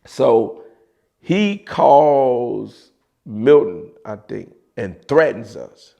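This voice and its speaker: A man with a Chicago accent telling a story in a casual, animated way, with slang and loose restarts. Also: mid-range voice, drawn-out words, vocal fry, highs cut off. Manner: animated, mimics voices of others in quotes, frequent laughs and slang.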